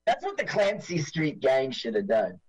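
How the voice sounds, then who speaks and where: A man's voice: mid-range voice, normal speed, slightly rough, highs cut off. A man co-hosting a podcast, chatting casually and jokingly while watching a movie together. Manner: animated, jokey, mimics lines in silly voices. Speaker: podcast co-host.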